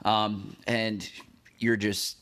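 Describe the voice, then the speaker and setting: A man's voice: fairly low pitch, level tone, drawn-out words, fairly bright tone. Casual rambling male podcast host. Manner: rambling, many fillers and restarts, addresses listener as "you". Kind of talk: casual devotional podcast talk.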